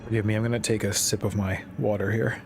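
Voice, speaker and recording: A man's voice: lowish voice, level tone, quick pace, gravelly, faint music behind. A man hosting a livestream to announce contest winners, hesitant and self-conscious, with lots of ums. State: nervous, dry mouth. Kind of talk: casual livestream chat.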